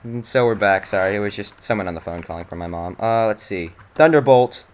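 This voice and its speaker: A man with a slightly low voice talks through a video game in loose, off-the-cuff commentary. He mutters to himself between moves and regularly erupts into exasperated swearing. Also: fairly quick, a little mellow. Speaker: video game let's-play host. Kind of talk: casual gameplay commentary.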